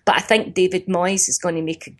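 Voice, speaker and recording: Lively Glaswegian woman on the phone. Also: lowish voice, fast. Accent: Glaswegian Scottish. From Glasgow, Scotland. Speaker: comedian guest. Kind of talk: phone interview. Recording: phone line.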